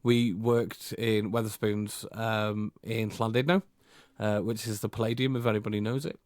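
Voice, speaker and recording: A man's voice: lowish voice, level tone, normal speed, a little mellow, dry recording, clean studio sound. Man telling a rambling anecdote. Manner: rambling storytelling with fillers. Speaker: podcast co-host. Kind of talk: casual chat, anecdote.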